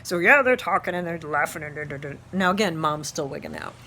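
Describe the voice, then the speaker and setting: An instructor in her fifties, from Ohio, telling a class story with lots of laughter. Her voice is bright and clear, and her pitch swings widely. She tells the story with animated energy. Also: brisk, slight background noise. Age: 50s. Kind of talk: storytelling lecture.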